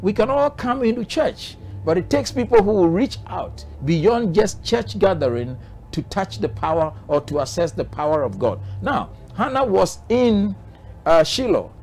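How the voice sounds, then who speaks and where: A man's voice: sits high, sing-song, normal speed, a little mellow, faint music behind. A man from Ghana, a bishop answering interview questions in a preaching manner, driving his points home with repeated rhetorical questions.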